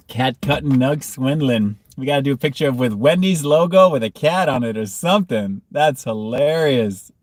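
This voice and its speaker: A man's voice: medium pitch, animated, a little fast, hardly any pauses, no echo, studio quality. A man hosting a casual food review livestream, reading chat comments and often breaking into hard laughter.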